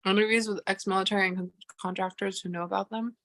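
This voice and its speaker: A woman's voice: medium pitch, fairly even intonation, fast talker, fairly bright tone. A young woman chatting casually to her livestream audience, rambling off on tangents and breaking into exasperated, swearing rants.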